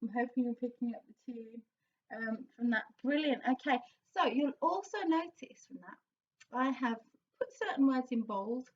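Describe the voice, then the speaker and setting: A high-pitched woman coaching singers in an encouraging, explanatory way and now and then singing a line to show it. Her voice is a little far from the mic, and the sound is slightly dull. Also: moderate pace, slight background noise. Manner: encouraging, breaks into sung demonstration lines. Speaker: vocal coach. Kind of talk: singing lesson, explaining and demonstrating.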